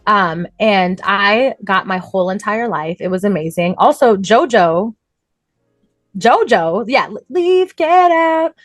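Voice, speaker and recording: A woman co-hosting a podcast, telling stories in an animated, chatty way and laughing often. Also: medium pitch, slow, no room sound, faint music behind. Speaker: podcast co-host. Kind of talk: casual chat.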